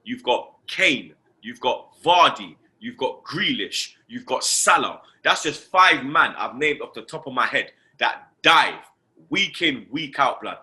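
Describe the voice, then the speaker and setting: At a measured pace and medium pitch, a man hosting a laid-back football fan show launches into animated, slangy rants full of swearing, peppered with "you understand" and "blood."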